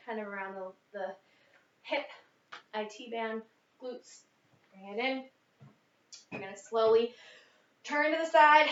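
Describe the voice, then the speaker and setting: A woman's voice: a little high, a bit bright. A young woman leading a workout as a fitness instructor, a little out of breath, counting reps and coaching. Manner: upbeat coaching, counting reps, mid-exercise. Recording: echoey, distant, dull lo-fi.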